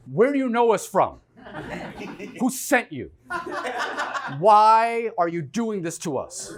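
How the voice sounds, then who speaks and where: A man performing a threatening male street cop in a one-man comedy show, with loud, sneering questions. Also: medium pitch, close to an everyday voice.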